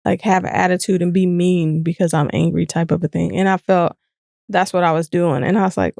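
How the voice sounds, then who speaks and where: On the low side and brisk, this woman's voice carries vocal fry in a dry, clean studio recording. As a podcast co-host she chats casually with candor and reflection, livening up when she recounts stories.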